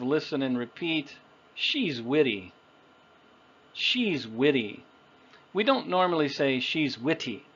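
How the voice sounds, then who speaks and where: A man's voice: on the high side, fairly bright tone, lo-fi sound. A man teaching English pronunciation, patiently and carefully spelling out example phrases for the listener to repeat. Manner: patient, over-enunciates example phrases for repetition. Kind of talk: slow, deliberate pronunciation lesson.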